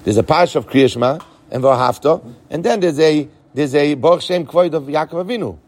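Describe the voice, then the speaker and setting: A man with a slightly high, darkish voice speaks fairly quickly as he teaches a Talmud lesson. He chants the Aramaic text in a Yeshivish Ashkenazi Hebrew pronunciation, then explains it in English.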